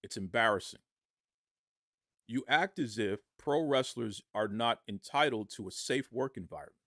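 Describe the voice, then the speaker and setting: A man's voice: medium pitch, animated, moderate pace, fairly bright tone, no echo, studio quality. Fired-up man arguing his case. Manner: argumentative, rhetorical questions. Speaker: podcast commentator. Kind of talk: impassioned wrestling commentary.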